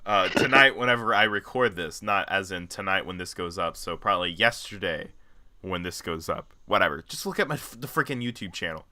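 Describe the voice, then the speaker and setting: A man's voice: deep voice, animated, a little fast, sharp tone, no echo. A man in his twenties co-hosting a podcast in casual chat, joking and rambling with frequent laughs. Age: 20s. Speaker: podcast co-host.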